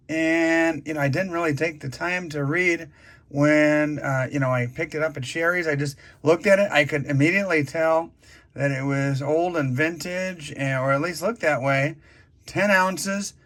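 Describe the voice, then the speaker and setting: A man's voice: on the high side, fairly bright tone. A man hosting a casual interview, then chatting easily while showing off his purchases. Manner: chatty, easygoing, exclaiming over finds. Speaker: host. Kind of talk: casual chat and show-and-tell.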